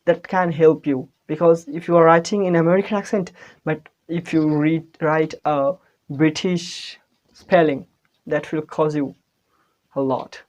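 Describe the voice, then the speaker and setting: A man's voice: fairly high pitch, steady tone, unhurried, darkish tone. A man giving a casual spoken-English lesson in an informal, hesitant way, spelling out words letter by letter. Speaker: English tutor.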